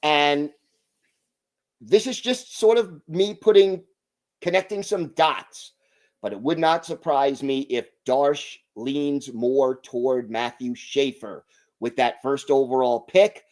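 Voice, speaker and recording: Slow, emphatic male hockey podcaster. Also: medium pitch, a little mellow. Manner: emphatic, deliberate opinion talk. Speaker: podcast host.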